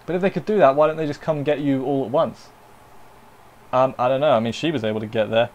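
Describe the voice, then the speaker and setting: A man's voice: medium pitch, quick pace, a little mellow, dull audio. A man giving a casual, unscripted anime review, rambling with jokey asides and correcting himself as he goes.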